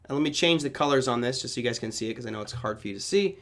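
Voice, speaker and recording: A middle-aged host from Germany races through his live trading stream in a medium-pitched, fairly bright voice, barely pausing. He talks casually, reasoning aloud while walking through charts.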